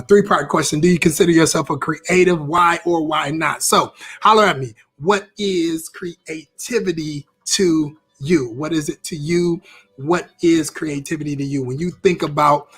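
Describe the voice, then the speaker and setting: A man's voice: fairly high pitch, fairly bright tone, breathy edge. A man teaching a live-streamed interactive class on creativity, upbeat, repeating phrases as he reacts to viewer comments.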